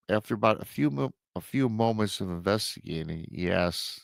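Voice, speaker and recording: A podcast host with a lowish, fairly bright voice dramatically retells a listener's emailed story, adding emotional asides. He's animated, speaks at a normal speed with few pauses, and has some vocal fry. The recording is clean studio sound with no room noise.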